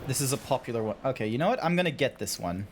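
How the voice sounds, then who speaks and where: A man's voice: mid-range voice, lively intonation, very fast, heavy background noise. A young Australian man chatting casually on a gaming stream, playful and rambling, swearing now and then.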